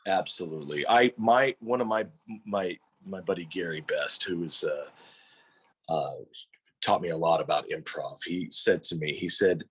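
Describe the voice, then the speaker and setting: A man's voice: low-pitched, normal speed, slightly rough. A man appearing as a filmmaker guest in casual conversation, telling stories with animation and swearing freely.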